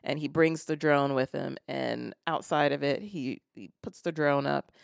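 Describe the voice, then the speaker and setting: Podcast co-host, man, gravelly voice, dry close sound, rambling film recap. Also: a little high, unhurried, no echo. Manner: retells film scenes with many fillers and restarts. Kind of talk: casual film discussion.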